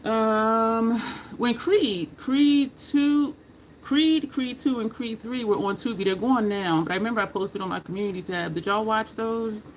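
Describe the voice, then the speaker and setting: A woman's voice: fairly high pitch, measured pace, background noise. A woman chatting casually while she does her makeup, rambling from story to story, laughing and cursing freely. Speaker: makeup vlogger.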